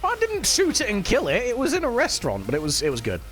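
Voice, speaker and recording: A man's voice: extremely high pitch, wildly swooping pitch, fast, fairly bright tone. A man chatting casually with his live-stream chat while he plays, swearing now and then. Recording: faint music behind.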